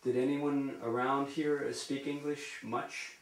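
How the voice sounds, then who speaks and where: A man interviewing, who asks his questions haltingly and repeats himself. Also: medium pitch, level tone. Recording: roomy room sound.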